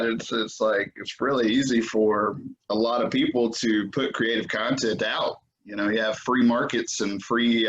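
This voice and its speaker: A man's voice: mid-range voice, fairly bright tone, dull audio. A man hosting a podcast in casual chat, rambling with many fillers and restarts. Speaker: podcast host.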